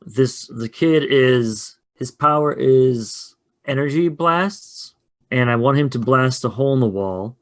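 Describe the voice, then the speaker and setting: A man casually running a two-player tabletop game, chatty and quick to laugh. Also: medium pitch. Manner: chatty, laughs often, loose. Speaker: game facilitator. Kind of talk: casual actual-play chat.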